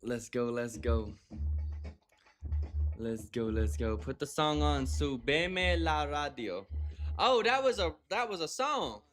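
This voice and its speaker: A man's voice: medium pitch, measured pace, pauses often, fairly bright tone, soft background music. A man hosting a livestream in casual chat, joking, swearing and laughing often. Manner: playful, profane, laughs often. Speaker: livestream host.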